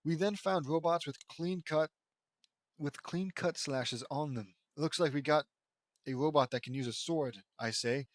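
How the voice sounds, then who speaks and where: With a fairly high pitch and an unhurried pace, a man reads a fan fiction story aloud with no echo. He stumbles along, laughs at the text, and breaks off for sarcastic commentary mocking the writing.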